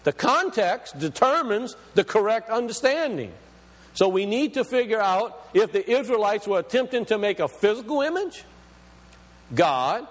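Man preaching, emphatic and questioning, fairly high voice, long hall reverb. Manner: emphatic, questioning, explains scripture word by word. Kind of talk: teaching sermon.

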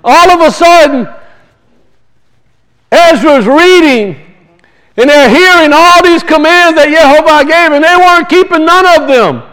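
A male preacher with a notably high-pitched voice. He moves between relaxed, homespun anecdotes and slow, emphatic scripture reading. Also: low-quality recording. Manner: folksy storytelling, rising to emphatic scripture reading. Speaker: pastor. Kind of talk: sermon.

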